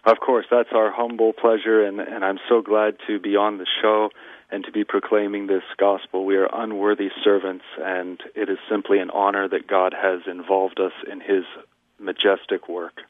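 A man with a fairly low voice teaching as a guest pastor, earnest and measured as he quotes scripture. The sound is thin and dry, like a phone call into a radio studio. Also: flat delivery, no echo. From United States. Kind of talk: radio sermon-style teaching. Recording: dry tinny phone line.

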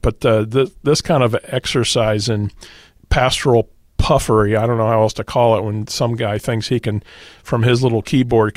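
A male pastor, appearing as a guest on a radio discussion, explains doctrine in a patient, teacherly way, quoting scripture as he goes through the verses with an occasional "uh." His pitch is ordinary, and the recording is close and dry, with no room sound or echo.

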